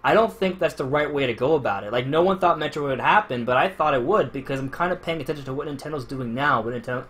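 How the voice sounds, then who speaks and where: A man hosting an online podcast, talking casually and at length. He restarts his sentences often and talks in a middle-pitched voice. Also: fast, fairly bright tone. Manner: rambling, many restarts. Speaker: podcast host.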